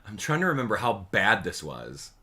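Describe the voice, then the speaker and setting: A man hosting a live stream, chatting casually and excitably with his viewers and laughing often. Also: fairly low pitch, normal speed. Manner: excitable, animated, laughs often, addresses chat directly. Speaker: livestream host.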